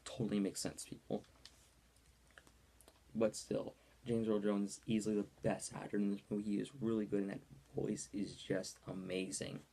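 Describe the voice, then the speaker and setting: Gravelly young man reviewing a movie. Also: lowish voice, little pitch movement, normal speed, warm tone. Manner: rambling, with many ums and likes. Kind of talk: casual video review.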